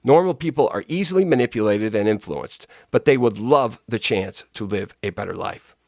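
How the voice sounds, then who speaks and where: A man's voice: fairly low pitch, lively intonation, normal speed, vocal fry, no echo, clean studio sound. A man delivering a combative, profane political rant straight to camera, often repeating himself for emphasis. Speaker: political commentator.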